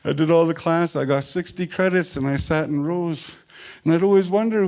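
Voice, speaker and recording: A man's voice: fairly high pitch, moderate pace, a little mellow. A man from Manitoba, giving an earnest, plain-spoken personal talk that often repeats its phrases. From Manitoba, Canada. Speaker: invited speaker.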